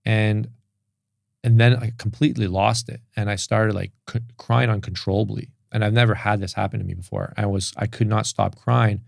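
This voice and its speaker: A man's voice: fairly low pitch, fairly even intonation, moderate pace, vocal fry, no room sound, clean studio sound. A man speaking as a podcast guest, telling an emotional personal story in a candid, open way with many restarts. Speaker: podcast guest, business coach.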